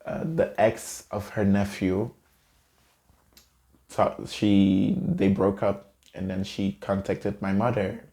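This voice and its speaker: A man's voice: on the low side, slow pace, creaky, dark tone. A man earnestly and emotionally telling a personal story to camera in a vlog. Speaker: vlogger.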